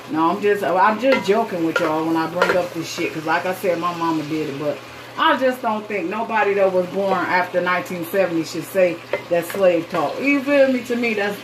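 A woman's voice: mid-range voice, background noise. A middle-aged woman talks casually to viewers while cooking in her home kitchen. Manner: chatty, playful, frequently addresses viewers as y'all. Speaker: cooking vlogger. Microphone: phone. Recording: clear sizzling and stirring in the background.

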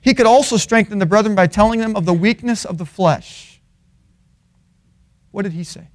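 A man with a high-pitched voice preaches a sermon in a college chapel. He moves between loud, emphatic peaks and low, quiet asides. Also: moderate pace, pauses often.

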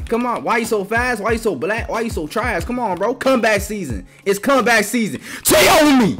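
A young man trash-talks his way through a game, his high, lively voice jumping from yelled taunts to quick muttered asides. The tone is bright and edgy, and faint music plays underneath. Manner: loud, taunting, quick swings between shouts and mutters. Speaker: gaming streamer. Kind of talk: trash-talking gameplay commentary.

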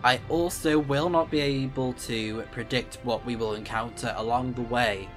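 A man's voice: mid-range voice, moderate pace, a bit bright, faint music behind, lightly acted. A man reading out the lines of a formal, dutiful male starship AI in a stiff, polite manner, with small stumbles. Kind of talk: reading game dialogue aloud.

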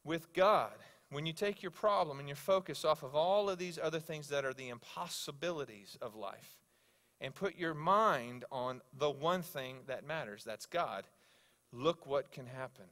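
A male pastor preaching a sermon, telling stories with animated swings between loud exclamations and hushed asides. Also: on the high side, a little slow. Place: church sanctuary.

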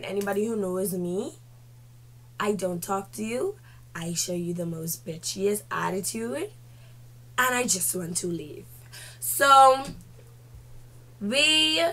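Bright-voiced young woman telling a story. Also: medium pitch. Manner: animated, lively retelling with slangy asides. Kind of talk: casual storytime.

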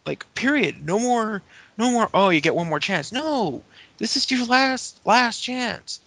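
A stern, scolding wrestling boss , as a man puts him on in a raised, high voice with a gravelly, bright edge. He lays down the law in a podcast bit. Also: lively intonation, unhurried, no echo, heavily acted. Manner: scolding, ultimatum-giving. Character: stern middle-aged male wrestling authority figure.

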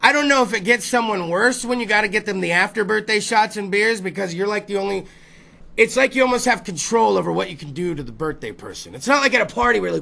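A man's voice: very high voice, expressive, fast, vocal fry, sharp tone. A man hosting a talk show, riffing through rowdy, profane comedic bits and putting on voices for the stories. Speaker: podcast host.

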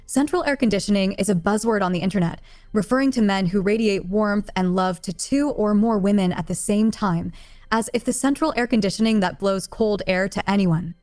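An audiobook narrator reads a translated romance novel in short, plain sentences, her voice at an ordinary mid pitch. She keeps the delivery even and unhurried, with soft music faintly underneath.

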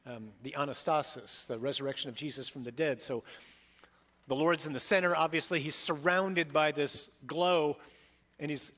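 Middle-aged priest preaching, kinda high voice, dramatic, loud then soft. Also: male voice. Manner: emphatic, dramatic preaching with sudden loud peaks and soft drops. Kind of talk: sermon.

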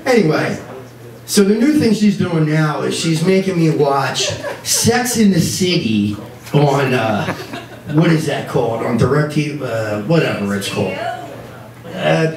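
Stand-up man ranting in a noisy bar. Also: on the high side. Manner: animated, exasperated ranting. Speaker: stand-up comic. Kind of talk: stand-up comedy set. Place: small club or bar, indoors. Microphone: stage microphone. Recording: roomy bar sound, mic at a distance, crowd laughter.

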